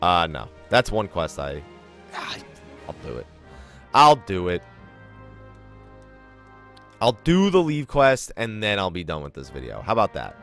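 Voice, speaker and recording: A man's voice: deep voice, wildly swooping pitch, measured pace, vocal fry, long pauses, a bit bright, soft background music. A man giving casual let's play commentary, chatty and rambling, laughing often. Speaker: gaming YouTuber.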